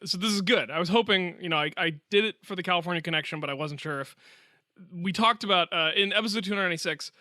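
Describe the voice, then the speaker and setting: Bright, chatty podcast host. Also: male voice, high-pitched, quick pace, no room sound, studio quality. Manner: chatty, jokey, playful asides. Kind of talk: casual chat, reading a listener email.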